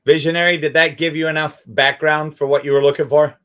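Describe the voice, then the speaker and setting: A man's voice: fairly high pitch, little pitch movement, fairly quick, fairly bright tone, clear, resonant tone. A man hosting an online chat room, upbeat and affirming as he brings speakers up. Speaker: host. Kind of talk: casual chat in an audio room.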